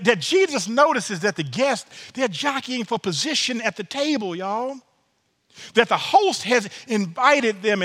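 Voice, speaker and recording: A man preaching with a high, bright voice that swings up and down, folksy and animated, doubling back on his words as he goes. His sermon rings out with a long reverb, as in a large hall. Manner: lively, folksy preaching with many repeated words.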